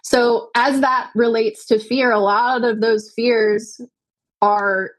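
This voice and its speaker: A woman with a slightly high-pitched voice speaks as a podcast guest, earnest and reflective. She often checks in with the listener with small tag questions. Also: fairly even intonation, takes it slowly, rough recording. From United States. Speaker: podcast guest, yoga teacher and doula. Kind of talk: conversational interview.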